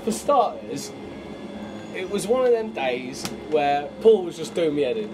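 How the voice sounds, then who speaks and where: Brief: chatty band member, high and swooping voice, laughing as he spins a yarn, noisy street behind. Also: measured pace. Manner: animated, laughing, swearing freely. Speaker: band member, bass player. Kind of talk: casual storytelling. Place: outdoor alley outside a venue. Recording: noisy outdoor street recording.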